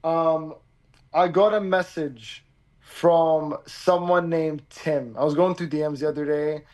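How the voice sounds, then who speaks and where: Man, co-host, casual chat, high voice, laid-back, rambling, video call from a bedroom. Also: steady tone, slow, a little mellow. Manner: laid-back and rambling, with filler-heavy restarts. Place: a bedroom abroad.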